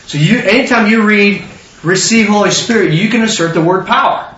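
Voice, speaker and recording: Lively male preacher, high pitch, plays the scripture figures in voices; dull lo-fi distant room recording. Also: fairly quick, slight background noise. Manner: animated, acts out biblical figures in excited voices. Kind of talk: sermon. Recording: roomy, distant, dull lo-fi sound.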